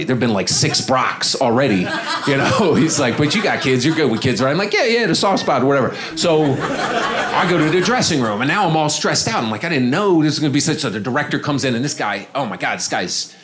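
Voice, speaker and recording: Male comic on a club stage, talky and loose, drops his voice low for other people's lines. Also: animated, a little fast, a crowd in the background. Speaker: stand-up comedian. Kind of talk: stand-up storytelling. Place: comedy club stage with audience.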